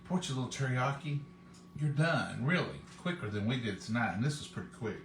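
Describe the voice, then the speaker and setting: A man's voice: medium pitch, expressive, a little fast, echoey room, slight background noise. A man, hosting a live cooking stream and chatting with viewers in a homey, folksy way. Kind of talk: casual chat to viewers.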